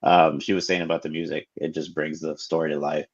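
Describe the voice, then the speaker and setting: Deep, husky man on a lo-fi line. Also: little pitch movement, fast talker. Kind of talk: casual chat on a livestream. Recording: dull lo-fi sound.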